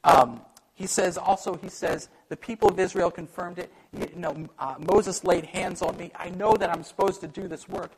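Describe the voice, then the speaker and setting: A man preaching a sermon in an animated way, acting out the voices he quotes and joking about himself. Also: sits high, moderate pace, slight background noise, rough recording. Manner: animated, acts out quoted voices, self-deprecating humor. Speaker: pastor.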